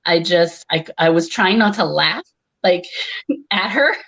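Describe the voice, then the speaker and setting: A woman's voice: lowish voice, a little slow, a bit bright. A woman telling a personal story in a wry, conversational way, laughing often. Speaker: conference speaker, comedian. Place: live online conference.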